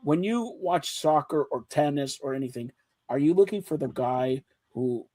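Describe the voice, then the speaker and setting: A man's voice: on the high side, moderate pace, soft background music. A man hosting a casual sports chat show, teasing his co-hosts and talking over them. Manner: teasing, talks over others, animated.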